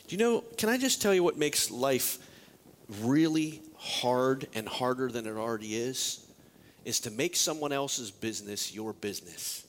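A man's voice: medium pitch, normal speed, slight background noise. A male pastor preaching a sermon in a joking way, asking the congregation many questions. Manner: lively, joking, rhetorical questions.

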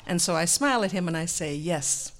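A woman telling a comic personal story, animated and laughing often. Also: on the low side, fast talker.

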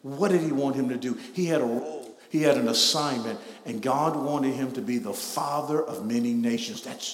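A man preaching a sermon as pastor, building from slow, measured teaching to loud, drawn-out emphasis. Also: medium pitch. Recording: echoey hall, mic at a distance.

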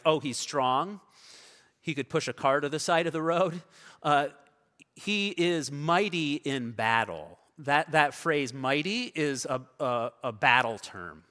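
A man preaching a sermon as pastor, telling stories in a conversational way that swings between loud and soft. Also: mid-range voice. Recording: long reverb of a large hall.

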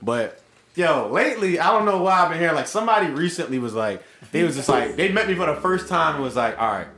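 Animated man telling stories, laughing. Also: fairly high pitch, quick pace, echoey room. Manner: animated storyteller, laughs often. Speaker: podcast co-host. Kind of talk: casual chat.

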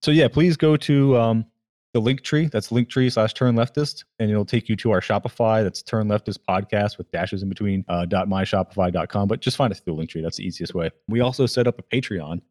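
Fast-talking low-voiced podcast host man. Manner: relaxed, profane, drifts with fillers. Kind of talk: casual podcast chat.

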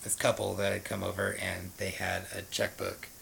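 A man's voice: deep voice, monotone, moderate pace, creaky, a bit bright, slight background noise, rough recording. A man frankly telling the story of his past drug use, rambling with fillers and restarts. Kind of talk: candid personal storytelling.

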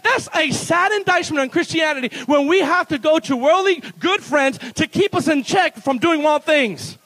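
A man preaching a sermon as pastor at a church service, animated and playful, breaking into laughs between bold declarations. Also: extremely high pitch, unhurried, low-quality recording.

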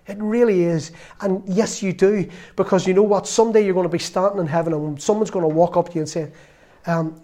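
A man's voice: high voice, fairly even intonation, brisk, few pauses. Earnest conversational preacher in his fifties. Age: 50s. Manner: earnest, conversational, dropping to soft confession. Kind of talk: sermon.

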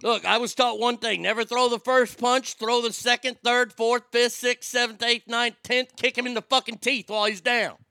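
A man's voice: very high voice, steady tone, normal speed, vocal fry, few pauses, sharp tone, clear, resonant tone, no echo, clean studio sound. A man telling a story as an angry, swearing rant, heated and indignant.

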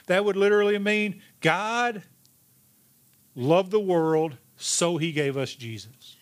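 A man preaching a sermon as pastor, emphatic, rising in pitch and then dropping to a hushed, slow delivery. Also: animated. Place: church sanctuary.

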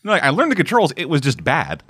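A man's voice: fairly high pitch, wildly swooping pitch, fast talker, a bit bright, no echo. A young man trades wisecracks in a casual podcast chat. His voice moves up and down a lot, and it sounds dry and close. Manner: joking, wisecracking banter.

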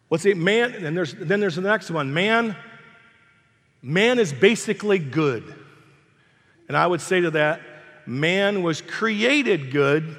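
A man's voice: high voice, lively intonation, slow, fairly bright tone, big-room sound. An older man preaching a sermon as pastor, emphatic and repetitive, in a church sanctuary.

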